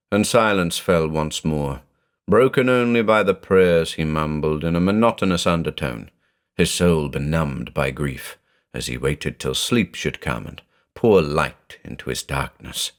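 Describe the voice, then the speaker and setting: A man narrating a horror story in a dramatic, expressive reading style. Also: extremely low pitch.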